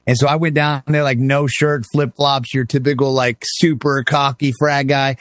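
A man's voice: medium pitch, a little fast, hardly any pauses, no room sound. A middle-aged man from Miami who grew up in Texas, telling stories as a guest in a casual conversation, often laughing. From Miami, raised in Texas. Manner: animated, laughing storyteller.

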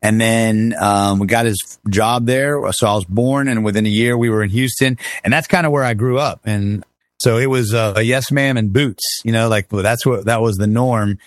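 A middle-aged man from Miami telling stories as a guest in a casual interview, talking in an animated way with lots of fillers and restarts. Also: fairly low pitch, normal speed, no room sound, clean studio sound. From Miami, Florida.

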